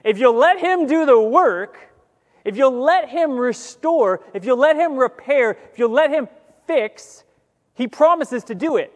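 High-voiced preaching man in a reverberant hall. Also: a little slow. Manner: conversational, joking asides, animated quoting. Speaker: pastor. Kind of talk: sermon.

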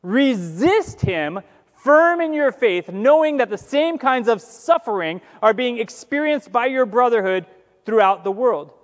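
A man preaching a sermon as pastor, conversational with joking asides and animated quoting. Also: very high-pitched, unhurried, in a large hall.

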